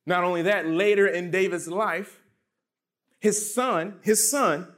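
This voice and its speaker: This is a pastor's sermon from a man who talks slowly with a somewhat bright voice. He reads passages of scripture and stresses his arguments by letting his pitch and volume fall.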